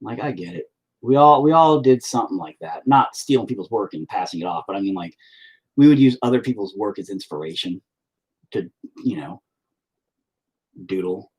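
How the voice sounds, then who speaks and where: Husky man ranting profanely on a livestream. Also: lowish voice, animated, moderate pace, pauses often. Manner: profane, candid, self-deprecating. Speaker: artist livestreaming while painting. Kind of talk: casual rambling chat. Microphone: laptop mic on a live stream.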